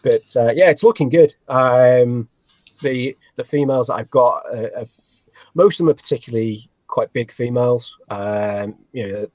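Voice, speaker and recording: A man talks as a guest on a casual podcast. He rambles and restarts often, joking at his own expense. The sound is dry and close, at a middling pitch. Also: normal speed, darkish tone, no echo. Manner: self-deprecating, rambling, many fillers and restarts. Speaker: guest, snake breeder. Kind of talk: casual interview chat.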